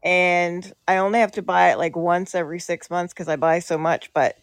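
A woman's voice: fairly low pitch, fairly even intonation, moderate pace, dry recording. A woman calling in to a podcast, chatting cheerfully. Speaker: caller. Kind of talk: casual chat.

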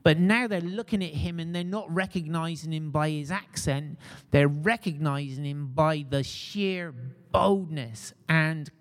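A man's voice: a little high, a little slow, big-room sound. A man preaching a sermon in a conversational way, putting questions to his congregation.

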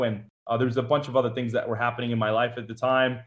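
A man's voice: mid-range voice, fairly even intonation, fast talker, few pauses, fairly bright tone, highs cut off. A man from Georgia, a former Marine, telling his story as an interview guest, full of "like" and acted-out quotes. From Georgia, USA. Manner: chatty, acts out quotes, frequent "like" and "uh" fillers.

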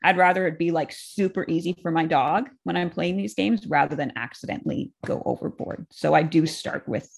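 A woman co-hosting a casual chat, explaining training step by step in a relaxed way with lots of "like" fillers. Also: on the low side, a little fast, vocal fry, few pauses, breathy edge. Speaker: dog trainer, co-host.

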